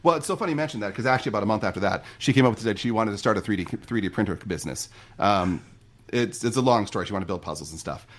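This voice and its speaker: Middle-aged guy on a podcast, talks quick and lively, lowish voice. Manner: fast, animated storytelling. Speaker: podcast guest, marriage coach. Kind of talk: conversational podcast interview.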